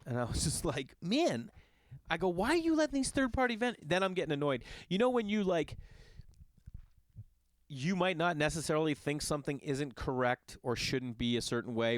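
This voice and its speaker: A man who is a father, hosting a podcast and telling a long casual story in an animated, exasperated and profane way. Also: mid-range voice, no echo. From Los Angeles area. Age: adult with children. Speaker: podcast host.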